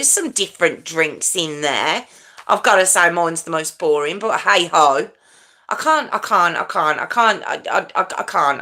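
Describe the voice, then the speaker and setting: Her voice sits on the low side, pushed and bright. She's a middle-aged woman hosting a true crime livestream, rambling through casual live chat while stumbling over words and fixing them.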